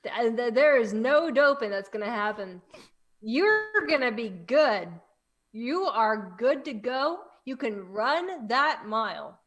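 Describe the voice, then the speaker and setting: A woman's voice: on the high side, expressive, takes it slowly, fairly bright tone. A woman voicing a blunt, pushy sports coach, in a tabletop role-play.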